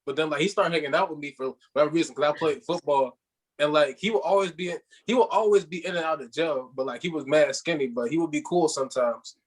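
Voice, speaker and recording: Young male co-host, joking storyteller, husky voice, a bit high. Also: quick pace, rough recording. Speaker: podcast co-host. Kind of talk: casual chat.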